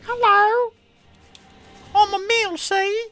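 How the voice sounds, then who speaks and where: A man putting on the squeaky, sing-song voice of a cheery, friendly little boy from a video game. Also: little pitch movement, drawn-out words, bright, forceful tone, faint music behind, exaggerated voice. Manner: squeaky, exaggerated, playful.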